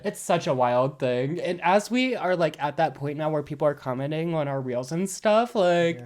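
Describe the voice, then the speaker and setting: A podcast co-host chatting casually, animated and gossipy, with sudden exclamations. The voice sits at a middle pitch and moves quickly between reactions and asides. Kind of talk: casual chat.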